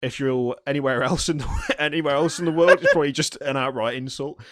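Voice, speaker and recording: A man co-hosts a casual podcast, retelling a story in a loose, rambling way full of restarts. His voice sits at an ordinary mid pitch, and the recording is dry and close. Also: fast talker, a bit bright, no echo. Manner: rambling, self-interrupting storyteller with frequent ums. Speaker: podcast co-host. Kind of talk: casual chat.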